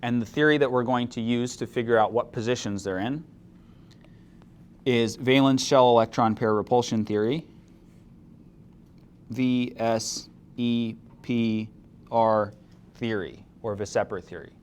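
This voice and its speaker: A man's voice: medium pitch, steady tone, unhurried, pauses often, clean tone. A man teaching a chemistry lecture, explaining step by step and asking the class questions. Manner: asks the class questions, mildly opinionated. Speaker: chemistry instructor.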